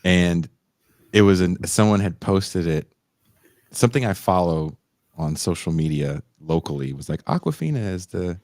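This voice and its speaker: A man co-hosting a podcast in casual chat, telling stories with animated delivery and mocking voices. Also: low-pitched, dry recording, studio quality. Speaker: podcast co-host.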